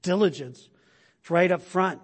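A male pastor preaching a sermon in a conversational way. He often checks in with the congregation by asking "right?", stumbles over repeated words, and builds to loud emphatic points. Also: high voice, measured pace, slightly rough. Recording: long hall reverb.

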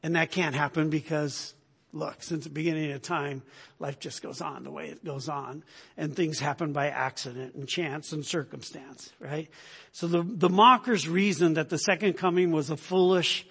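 A man's voice: a little high, fairly even intonation, normal speed, creaky, a bit bright, slightly rough, in a large hall. A man preaching a sermon in a chatty, storytelling way, often checking in with "right?". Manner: conversational, storytelling with frequent "right?". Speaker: pastor.

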